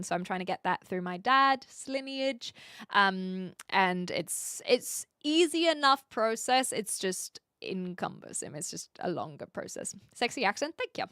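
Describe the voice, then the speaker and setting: A woman with a blended Australian and British accent chats easily with her stream audience, reading messages aloud before answering. Her voice is smooth and clear, recorded close and dry on a desk microphone, with a mid-range pitch. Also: a bit bright, no echo. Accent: mixed Australian and British. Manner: chatty, reads chat messages aloud and answers them. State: sleepy. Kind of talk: casual chat with live chat.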